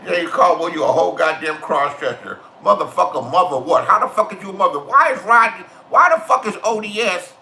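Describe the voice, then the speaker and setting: A man's voice: high-pitched, expressive, a little fast, gravelly, hardly any pauses, bright, forceful tone, a little hiss or hum. A middle-aged man from California giving a crude, confrontational rant full of swearing and street stories. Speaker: vlogger. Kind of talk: profane ranting monologue. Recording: roomy echo.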